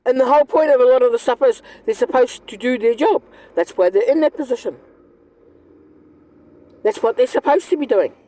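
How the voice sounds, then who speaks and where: A woman's voice: high-pitched, a little fast, dark tone, rough recording. A woman, ranting angrily and bluntly in a monologue, swearing often. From New Zealand. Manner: angry, blunt, profane. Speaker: vlogger.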